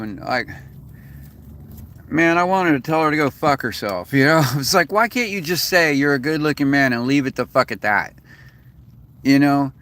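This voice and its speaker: A man rants into his camera, cursing often and wandering between complaints. His voice is bright and pushed forward. He keeps the frustrated, off-the-cuff tone of a vlogger talking to his regular viewers. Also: medium pitch. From United States. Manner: profane, rambling, frustrated venting. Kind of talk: casual rant to camera.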